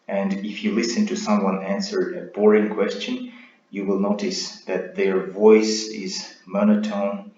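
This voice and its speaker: Deep-voiced man teaching in an echoey room. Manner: measured, explanatory, asks "right?". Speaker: IELTS teacher. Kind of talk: recorded speaking lesson. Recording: roomy, dull lo-fi sound.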